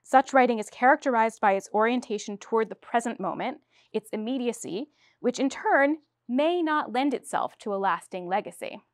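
Woman lecturer, higher voice, measured reading, dry close sound. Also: expressive, no room sound. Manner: measured, read from a text. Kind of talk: academic lecture.

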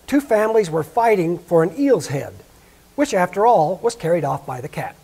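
A man reading a fairy tale aloud with expressive storytelling at a Sabbath service. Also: a little high, normal speed, slightly rough.

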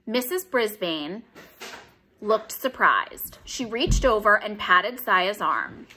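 A woman reading a children's story with a clear, bright voice and a very lively pitch. She narrates expressively, leaning into each line. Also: slow pace. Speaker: audiobook reader.

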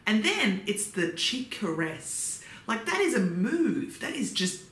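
A woman's voice: very animated, slow pace, fairly bright tone. Sarcastic woman recapping TV. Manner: sarcastic, gushing, swings pitch up for emphasis. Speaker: recap vlogger. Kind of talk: casual reality TV recap. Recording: echoey room, faint background noise.

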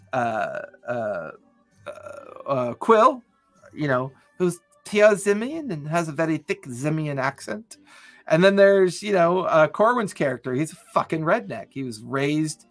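A man's voice: on the high side, lively intonation, unhurried, fairly bright tone, faint music behind. A man co-hosting a podcast, chatting casually and enthusiastically about tabletop role-playing in long rambling runs. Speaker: podcast co-host.

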